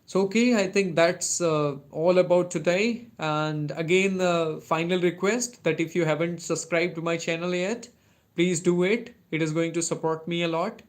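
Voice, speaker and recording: Young Indian English-accented male streamer, a bit high-pitched, casual and halting. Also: steady tone. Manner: hesitant, many fillers and restarts. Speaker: English-learning livestream host. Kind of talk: casual live chat answering viewers.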